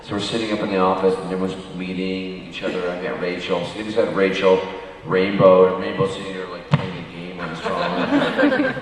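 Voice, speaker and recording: Man, actor at a fan panel, low voice, rambling anecdotes with lots of fillers, heard from afar in a big reverberant hall. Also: lively intonation, fairly quick, background noise. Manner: rambling with many fillers and laughs. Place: large convention hall. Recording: echoey hall from far off.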